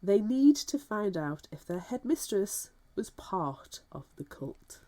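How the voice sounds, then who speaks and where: Animated woman with a lively voice. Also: medium pitch, slow. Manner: animated, wry commentary. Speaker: podcast co-host. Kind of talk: casual book discussion chat.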